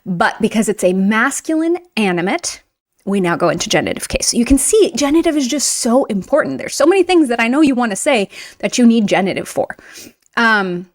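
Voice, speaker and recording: A woman teaching a Russian grammar lesson in a chatty, emphatic way, slowing down to read example sentences. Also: on the high side, lively intonation. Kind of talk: online language lesson.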